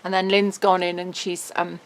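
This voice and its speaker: A woman's voice: on the low side, little pitch movement. A middle-aged woman, presenting a craft album in a casual, bubbly walkthrough. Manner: chatty, bubbly, quick laughs.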